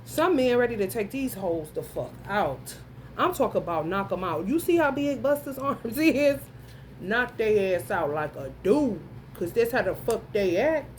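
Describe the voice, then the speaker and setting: A woman's voice: medium pitch, sing-song, unhurried, slight background noise. A woman giving a casual astrology reading, talking bluntly and profanely straight to her viewers, with frequent exclamations. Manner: blunt, profane, emphatic, addresses viewers directly; breaks into frequent laughter and exclamations. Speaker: tarot reader.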